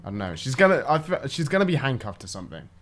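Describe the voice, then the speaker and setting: A man co-hosting a podcast in casual chat, laid-back, trailing off quietly at the ends of phrases. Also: medium pitch, big pitch swings, racing, a little hiss or hum. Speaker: podcast co-host.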